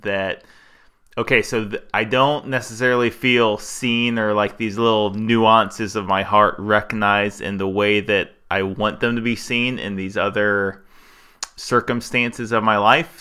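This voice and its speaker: A man on a podcast talks slowly and reflectively, often breaking off and restarting his thoughts. His voice is bright and forceful, with a smooth, resonant tone, and he sits a little low in pitch. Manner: thoughtful, searching, with many restarts. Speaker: podcast co-host.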